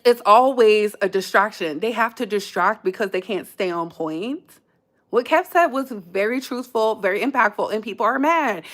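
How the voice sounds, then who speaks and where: A woman's voice: a little high, a bit bright. An American woman hosting a casual commentary channel, talking in a sassy, emphatic way and calling her listeners "baby.".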